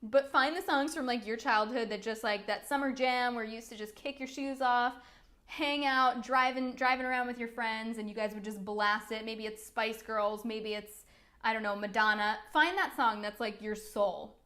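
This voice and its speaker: A woman's voice: a little high, moderate pace, bright, forceful tone. A young woman, a business coach, giving an upbeat, chatty talk full of "like"s. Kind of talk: live-streamed coaching talk.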